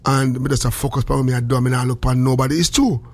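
A man speaking patois in casual chat, rambling and animated with a sing-song lilt. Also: medium pitch, fast talker.

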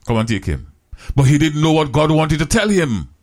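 A man preaching a sermon, retelling a Bible story in plain, creole-flavored English with repeated phrases and slow, drawn-out scripture quotes. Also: fairly high pitch, sing-song, darkish tone.

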